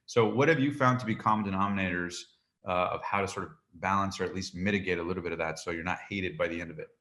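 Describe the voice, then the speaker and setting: A man's voice: sits low, fast, pushed and bright. A man hosting an interview, asking long, winding questions full of fillers and murmuring agreement while his guest speaks. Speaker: interview host. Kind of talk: conversational interview.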